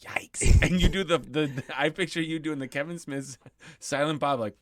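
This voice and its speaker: A man's voice: fairly high pitch, normal speed, dry recording, clean studio sound. A man co-hosting a podcast in casual chat, laughing and chiming in with jokes. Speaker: podcast co-host.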